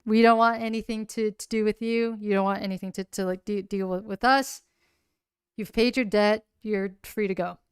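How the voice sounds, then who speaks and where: A woman voicing a cold-headed woman crime boss in a solo tabletop game, speaking flat and matter-of-fact. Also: mid-range voice, moderate pace, clean tone, no room sound, studio quality, lightly acted. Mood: dismissive.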